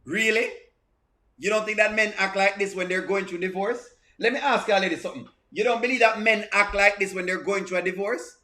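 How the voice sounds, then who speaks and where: Male reaction host, high and bright, chatty and repetitive with stammering restarts. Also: brisk. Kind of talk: live reaction commentary, reading viewer comments.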